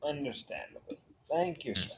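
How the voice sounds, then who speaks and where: A man's voice: a little high, sing-song, moderate pace, dull audio, slight background noise. A man playing in a tabletop game, giving brief, agreeable replies on a voice call. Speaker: player. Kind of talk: casual tabletop play.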